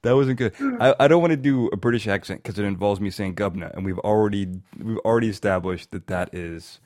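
A man's voice: fairly low pitch, a little fast, a little mellow, no echo. A man hosting a podcast interview, chatty and self-mocking, often restarting his sentences. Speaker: podcast host.

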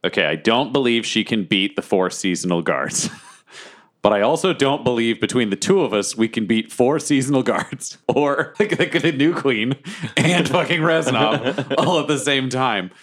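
A man's voice: medium pitch, animated, moderate pace. A man playing a tabletop game, chatty, laughing often and swearing freely. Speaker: player. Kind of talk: casual tabletop play.

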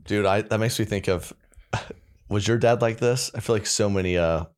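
Man, podcast co-host, low voice, relaxed, rambling, laughs a lot. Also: moderate pace. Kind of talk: casual comedy chat.

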